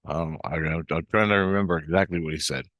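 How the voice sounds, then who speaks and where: A man's voice: low-pitched, fairly quick, a bit bright, dry recording, studio quality. A man telling a personal story in a rambling, casual monologue, often restarting his sentences. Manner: rambling, with frequent restarts and fillers. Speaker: vlogger.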